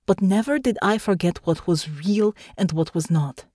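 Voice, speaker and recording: A woman's voice: medium pitch, measured pace, darkish tone, dry recording, studio quality, close to an everyday voice. A woman voicing an injured female ex-soldier guard who talks formally and without contractions in an audiobook. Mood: earnest. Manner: formal clipped speech without contractions, drops articles. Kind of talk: audiobook character voice.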